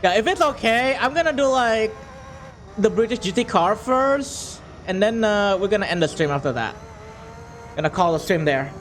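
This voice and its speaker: A man's voice: sits high, animated, moderate pace, fairly bright tone, a little hiss or hum. A man casually chatting to his chat while playing a racing game on a stream, jokey and a bit profane.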